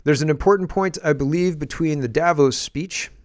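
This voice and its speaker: A man reading as a slow, measured politician. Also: a little high, dry recording, clean studio sound, natural voice. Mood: reading aloud. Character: male politician giving a measured statement.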